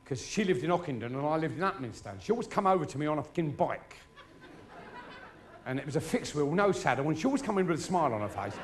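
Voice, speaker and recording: A man's voice: fairly high pitch, very animated, fast talker, noisy background. A middle-aged man telling crude stories in a stand-up routine, swearing freely. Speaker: stand-up comedian. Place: live show before an audience.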